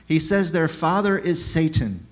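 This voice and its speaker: A man preaching a sermon who asks the listeners rhetorical questions, drops in sarcastic asides and swings between hushed and loud delivery. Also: on the high side, unhurried. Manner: rhetorical questions, lively shifts in loudness.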